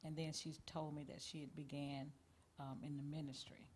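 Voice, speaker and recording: A woman's voice: deep voice, level tone, moderate pace, a little mellow, slight background noise. A woman guest on a radio interview, chatting and reminiscing, stretching out words for emphasis.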